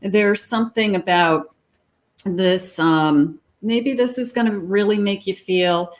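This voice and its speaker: A woman reading tarot cards aloud in a chatty, reassuring way, thinking out loud as she goes. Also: medium pitch, slow. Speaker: psychic tarot reader.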